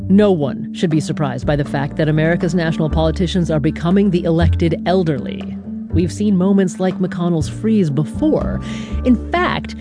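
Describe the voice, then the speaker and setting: A woman hosting a radio news show, reading a scripted narration in a measured, deliberate way with dramatic pauses. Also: on the low side.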